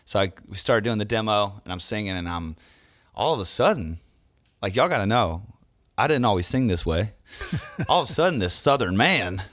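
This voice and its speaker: A man with a deep, low voice tells a story as an interview guest, animated and full of laughter. He acts out the voices of other people as he goes. He grew up in the US South. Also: moderate pace, pauses often. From Charleston, US South. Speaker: guest, worship songwriter.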